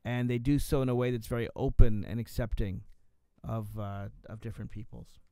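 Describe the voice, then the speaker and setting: A man hosting a radio talk show, musing out loud in a rambling way with many fillers and restarts, speaking into a studio microphone. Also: mid-range voice, steady tone, normal speed, smooth, dry recording. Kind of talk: solo radio talk monologue.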